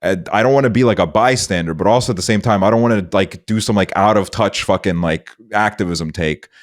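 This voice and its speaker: Low-voiced man ranting. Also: fairly quick. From Estonia. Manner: rambling, heavy filler and swearing. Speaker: podcast host. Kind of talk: casual chat.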